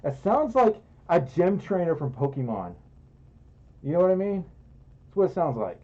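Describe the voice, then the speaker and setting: A man sitting indoors in a fursuit hosts a casual stream, reading viewer donations aloud while giggling and teasing himself. His voice sits high and mellow, swinging widely in pitch at a normal speed; the sound is muffled.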